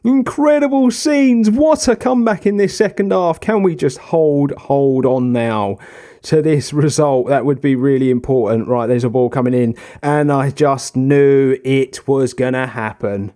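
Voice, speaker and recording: A young man commentating on his own football management game, swinging from tactical muttering to excited shouts. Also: medium pitch, a little slow. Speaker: gaming video host. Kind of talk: casual gameplay commentary.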